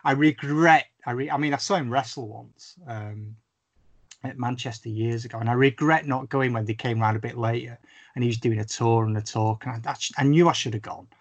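A man in casual podcast chat, telling stories animatedly with lots of swearing and swooping pitch. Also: fairly quick, no room sound. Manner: animated, sweary storyteller with big pitch swings. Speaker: podcast guest or co-host.

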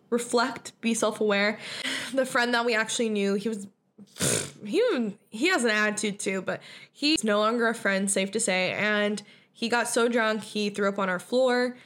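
A woman's voice: medium pitch, fairly bright tone. A young woman hosting a podcast, telling a personal story in a blunt, profane, casual way and laughing often. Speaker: podcast host.

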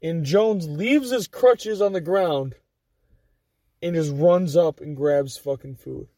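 A man's voice: on the high side, slow pace, no room sound. A young man telling casual, profane stories as a podcast guest, acting out what people said. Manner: profane, animated anecdote teller acting out quotes. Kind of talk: casual storytelling.

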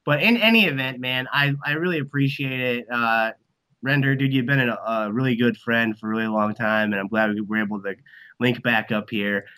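A man's voice: mid-range voice, fairly quick, sharp tone, clear, resonant tone. A man guesting on a podcast as a band manager, talking casually in a rambling, emphatic way, swearing constantly.

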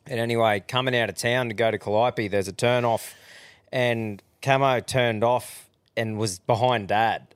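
Male host, laid-back yarn-teller, smooth clear voice, dry close mic. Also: mid-range voice, steady tone, normal speed, dry recording. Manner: laid-back, swears a lot, laughs along, long rambling yarns. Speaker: podcast host. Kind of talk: casual podcast chat.

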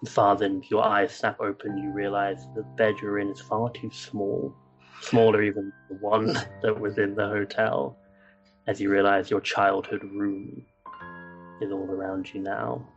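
A man narrating as game master, hesitant with fillers in between, slow and measured when he sets a scene, on a lo-fi recording. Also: fairly low pitch, little pitch movement, creaky, soft background music.

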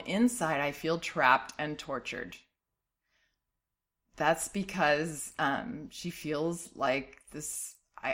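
A middle-aged woman with a somewhat low voice gives parenting advice in a calm, encouraging monologue. She sounds reassuring and steady, with a light laugh now and then as she answers a listener's letter.

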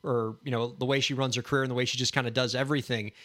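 A male podcast co-host in casual chat, relaxed and thoughtful as he talks things through. His voice sits at an ordinary middle pitch for a man. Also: rapid-fire.

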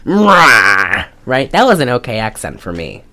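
A woman's voice: very deep voice, brisk, low-quality recording. A woman hosting a podcast, chatting casually and jokily about a movie, with some swearing. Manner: animated, jokey, swearing, breaks into laughs. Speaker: podcast host. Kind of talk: casual movie-review chat.

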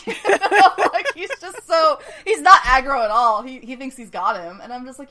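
A woman co-hosting a podcast in casual chat, animated, laughing often and swearing casually. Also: high voice, normal speed, slight background noise. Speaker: podcast co-host. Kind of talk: casual chat recapping a TV episode.

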